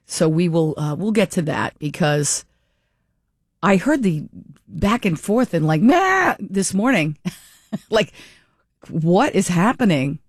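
A woman hosting a call-in talk radio show, chatty and quick to laugh, often breaking off mid-thought. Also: lowish voice, no echo, clean studio sound.

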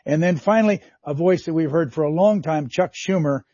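A man hosting an interview, asking probing questions and introducing clips, often clearing his throat. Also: fairly high pitch, fairly quick, dark tone, dry recording. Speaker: host. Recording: dry, muffled lo-fi audio.

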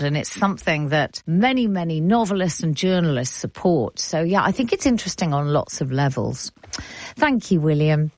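Lively English woman radio presenter. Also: fairly low pitch, no echo. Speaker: radio arts show host. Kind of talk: broadcast presenting and scripted narration. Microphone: studio mic.

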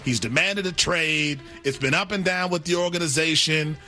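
A man previewing football games as a sports analyst, with a showy sales-pitch delivery and lots of flavor. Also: normal speed, sharp tone, faint music behind. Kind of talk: hyped game preview segment.

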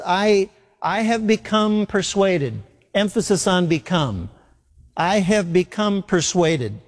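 Male preacher, fairly high voice, earnest sermon delivery, long hall reverb. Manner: earnest, emphatic, repeats key points slowly.

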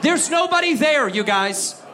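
Captured live in a comedy club amid audience laughter and noise, an American stand-up delivers loud, profane rants, animatedly acting out those he quotes. His voice is extremely high-pitched and his pace a little slow.

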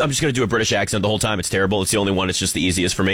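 A man's voice: fairly low pitch, very fast, hardly any pauses, fairly bright tone, no echo. A man giving an opinionated sports talk monologue, wry and joking as he rants. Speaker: sports commentator.

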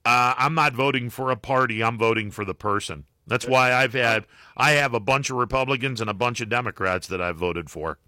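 A man's voice: medium pitch, a little fast, pushed and bright, no echo, studio quality. A man hosting a call-in talk radio show, chatting with callers and reading the news with many fillers and restarts.

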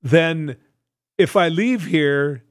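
A man's voice: fairly high pitch, drawn-out words, no echo. Rambling, chatty man in a dry studio. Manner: rambling storyteller, restarts, laughs mid-sentence. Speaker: radio show co-host. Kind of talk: casual banter.

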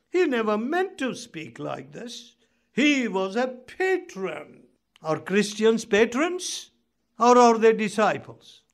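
A man's voice: high voice, creaky. A man preaching a sermon, reading scripture and asking the listeners pointed rhetorical questions. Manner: emphatic, rhetorical questions, reads scripture aloud.

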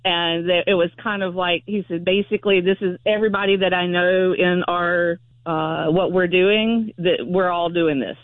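A woman's voice: on the low side, steady tone, moderate pace, no echo. A woman calling in to a radio show, talking in an earnest, rambling way. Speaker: caller. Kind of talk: phone call to a radio show. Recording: phone line.

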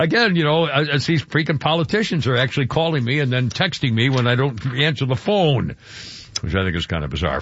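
Brief: older male radio host, lively voice that swings up and down, slightly raised pitch, loose and chatty, dry dull studio sound. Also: no room sound. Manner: rambling, self-interrupting, chuckling. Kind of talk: casual radio talk.

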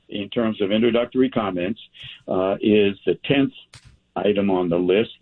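A man's voice: lowish voice, husky. A pastor teaching a men's group from the Bible, reading verses aloud and asking and answering his own questions. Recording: tinny phone-like sound.

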